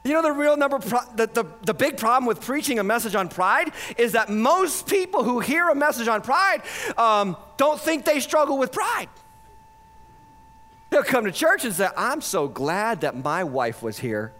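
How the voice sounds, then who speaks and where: A man preaching a sermon as pastor, animated, swinging between loud points and hushed asides, acting out quoted voices for effect. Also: very high-pitched, moderate pace.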